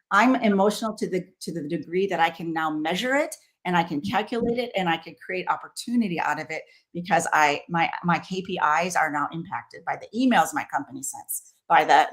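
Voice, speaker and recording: Woman, podcast guest, lower voice, animated, lists examples, acts out quotes. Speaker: guest, company founder. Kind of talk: podcast conversation.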